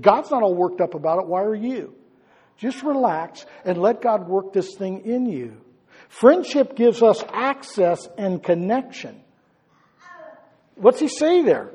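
High-voiced pastor with a husky tone. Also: male voice, big-room sound. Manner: conversational, asks the congregation questions, swings between loud and hushed. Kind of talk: sermon. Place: church hall.

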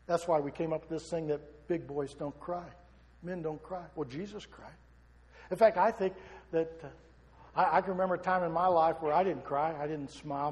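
High-voiced preaching man in a big hall. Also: a little mellow. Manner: impassioned preaching with rhetorical questions. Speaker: pastor. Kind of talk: sermon. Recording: long reverb of a large hall.

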